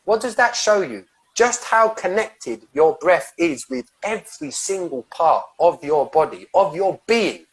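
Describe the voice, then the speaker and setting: A man's voice: high voice, big pitch swings, unhurried, creaky. A man working as a soul coach talks on a podcast with fiery, emphatic passion. He curses freely and rambles, tripping over restarts and repeated words as he pushes his point. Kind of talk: podcast conversation about breathwork.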